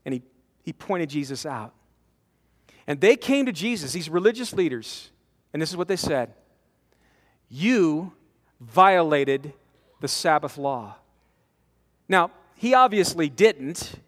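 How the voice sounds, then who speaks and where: A man in his forties preaching a conversational sermon to a men's conference, animated, acting out quotes and repeating words as he presses his points. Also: on the high side, moderate pace. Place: large conference hall. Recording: long hall reverb from a conference.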